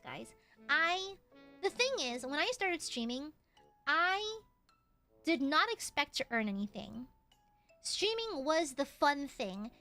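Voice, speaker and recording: Bright, high-voiced excitable streamer woman. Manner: excitable, swears, jumps from tender to shouting at chat. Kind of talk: casual livestream chat.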